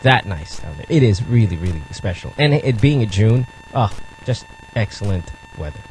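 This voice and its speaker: A man's voice: lowish voice, sing-song, normal speed, darkish tone, slight background noise, low-quality recording. A man hosting a radio call-in show, joking and rambling as he teases callers in casual banter. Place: radio studio.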